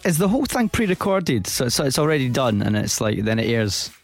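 A man's voice: medium pitch, big pitch swings, brisk, creaky. A man hosting a radio interview, jokey and laughing often. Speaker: radio host.

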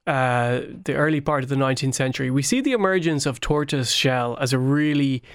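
A man's voice: medium pitch, brisk, clear, resonant tone, no echo. A man who is a regular history expert on a talk show, explaining things conversationally with playful, dry irony.

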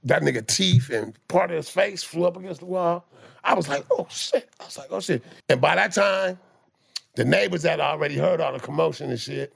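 A man with a very gravelly, husky voice pitched a little high tells rough stories in a casual chat. He talks in profane slang and is animated, often stammering and restarting his sentences. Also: fairly quick. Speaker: guest telling life stories.

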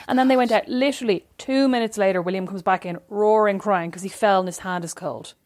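An Irish woman co-hosting a podcast, trading quick, teasing banter in casual chat. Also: medium pitch, darkish tone. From Ireland. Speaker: podcast co-host.

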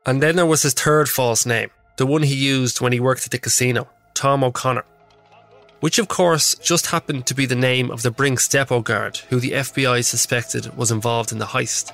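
A man hosts and narrates a true-crime podcast, reading a scripted account in a measured, explanatory way. His voice is pitched in the ordinary middle range. Soft music runs beneath him. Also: fairly even intonation, gravelly.

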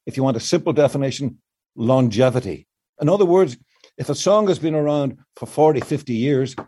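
A man's voice: medium pitch, warm tone. An older male songwriter explaining his craft at length in an interview, with many restarts. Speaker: songwriter guest. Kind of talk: reflective interview answers.

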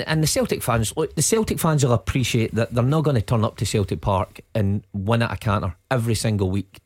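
A Scottish ex-player talking through a match as a radio pundit, steady and measured as he sums up. His voice has an ordinary middle pitch and a close, dry studio sound. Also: no room sound. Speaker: football pundit, former player. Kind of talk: radio football analysis.

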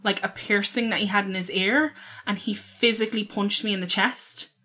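A woman's voice: medium pitch, steady tone, normal speed, bright, forceful tone. A young Irish woman in her twenties co-hosting a podcast, telling a candid story in casual chat, swearing freely and laughing often. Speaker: podcast co-host.

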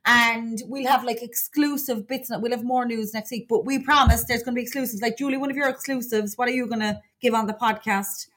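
Lively Cork woman with a high voice. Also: brisk, few pauses. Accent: Cork Irish. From Ireland. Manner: swears freely, animated and jokey. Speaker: podcast co-host. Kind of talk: casual chat.

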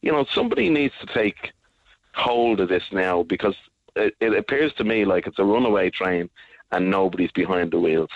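A man's voice: low voice, normal speed, no room sound. A man speaking on a radio interview, angry and emphatic, repeating his points with force. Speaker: guest advocate. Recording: dull lo-fi radio sound.

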